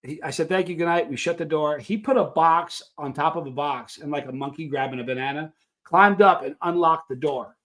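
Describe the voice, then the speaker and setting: A man's voice: fairly high pitch, brisk, fairly bright tone. A middle-aged man hosting a live stream, telling long personal stories in a casual, rambling way with frequent restarts. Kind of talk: casual storytelling to a live chat.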